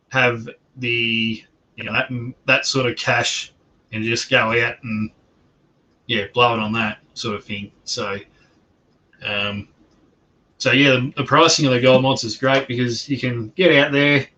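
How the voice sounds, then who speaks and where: An Australian man hosting a casual livestream, chatting in a slow and rambling way with many fillers and restarts. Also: medium pitch, pushed and bright, highs cut off. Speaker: livestream host. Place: home during lockdown.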